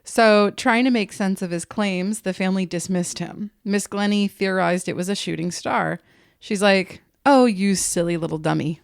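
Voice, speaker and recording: A woman co-hosting a podcast, telling a spooky story in a casual, jokey, profane way with quick asides. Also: medium pitch, steady tone, creaky, smooth, no room sound, clean studio sound.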